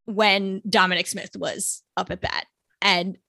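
A woman's voice: medium pitch, little pitch movement, measured pace, gravelly, pushed and bright, no echo, clean studio sound. A young woman hosting a casual podcast, chatty and laughing as she tells rambling stories. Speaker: podcast host. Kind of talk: casual chat.

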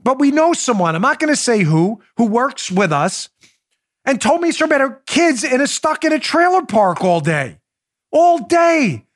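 Podcast host, middle-aged man, New York-raised, higher-pitched voice, sarcastic and indignant ranting with quiet confiding asides. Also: big pitch swings. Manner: indignant, sarcastic, rapid rhetorical questions; swings to soft, confiding asides. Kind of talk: heated political commentary.

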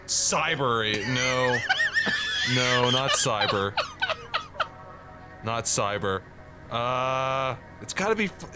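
A man's voice: mid-range voice, sharp tone. Profane rambling man, comic host. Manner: profane, rambling, self-correcting. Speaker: host of a storytelling podcast sketch. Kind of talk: comedic improvised monologue.

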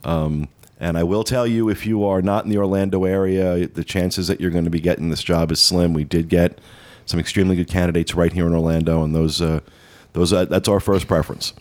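Low-voiced guy hosting a podcast, chatty and rambly, lots of uhs. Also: fairly even intonation, fairly quick, few pauses, a little mellow. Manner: rambling, many uh fillers, upbeat promo talk. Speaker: podcast host. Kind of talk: casual podcast chat.

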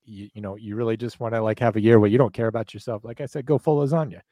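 A man's voice: on the low side, fairly even intonation, rapid-fire, dark tone, no echo. A man co-hosting a podcast, doing playful, overplayed ad reads in a casual, joking way. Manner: jokey, overplayed sales energy. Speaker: podcast co-host reading ads.

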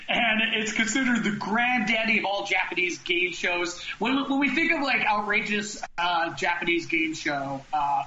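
A man's voice: sits high, pushed and bright, roomy sound, dull audio, slight background noise. A man hosting a podcast in casual chat, rambling and restarting his sentences often. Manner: rambling, halting with many restarts. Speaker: podcast host.

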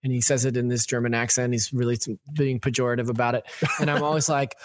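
A man talks on a podcast with easy enthusiasm, rambling loosely as he explains his views. His pitch is ordinary for a man. The recording is dry and close-miked. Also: little pitch movement, a little fast, hardly any pauses, no echo. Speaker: podcast co-host. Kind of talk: casual podcast chat.

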